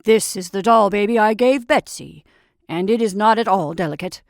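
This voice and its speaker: A woman voicing Santa Claus as a brisk, hearty old man in a storybook reading. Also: medium pitch, vocal fry, no room sound, clean studio sound, natural voice. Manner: loud, hearty, hurried.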